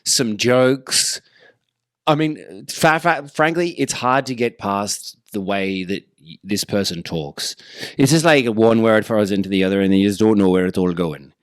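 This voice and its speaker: A man's voice: fairly low pitch, measured pace, clean tone, dry recording, clean studio sound. A man hosting a podcast, chatting casually and playfully, laughing often. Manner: playful, laughing, does silly voices. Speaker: podcast host.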